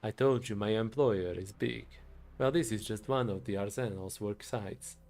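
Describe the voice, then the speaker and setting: A man voicing a proud, idealistic male engineer in a put-on Italian accent, declaiming loudly in a game voiceover. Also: fairly low pitch, moderate pace, vocal fry.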